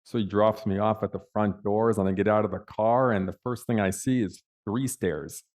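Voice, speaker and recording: A man's voice: fairly low pitch, steady tone, moderate pace, a little mellow. A man on a panel telling a personal story in a vivid, dramatic way with big swings in emphasis. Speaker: panel speaker.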